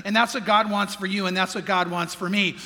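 A man's voice: high voice, steady tone, a little fast, bright, forceful tone, long reverb tail. A male pastor preaching a sermon in earnest, putting questions to his congregation. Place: church sanctuary.

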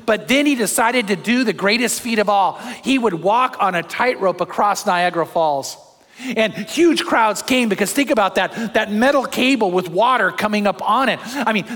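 An older male pastor with a high voice preaches in a church, his words trailing into a long hall reverb. He moves between soft, personal asides and lively, acted-out crowd shouts. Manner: animated storytelling, acts out crowd shouts. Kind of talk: sermon. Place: church sanctuary.

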